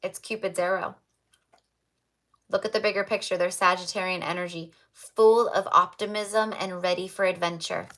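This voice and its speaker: A woman with a somewhat low voice reads tarot cards on a livestream. She talks in a chatty way, full of fillers, and repeats her affirming spiritual phrases. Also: steady tone, normal speed, a bit bright. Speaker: tarot reader.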